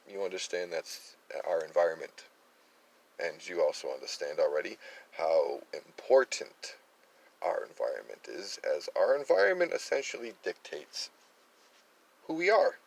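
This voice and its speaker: Expressive and low-pitched with vocal fry, a man with a light Worcester accent from Massachusetts rambles through opinionated political commentary at a moderate pace, often restarting and using fillers. It's a low-quality recording.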